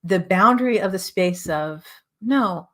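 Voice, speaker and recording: A middle-aged woman hosting a show and teaching about relationships in an earnest, repetitive way, her voice a little hoarse as she is losing it. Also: mid-range voice, lively intonation, a little slow, a bit bright. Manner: earnest, repetitive, with frequent "right?" asides. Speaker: host and relationship coach. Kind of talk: motivational teaching monologue.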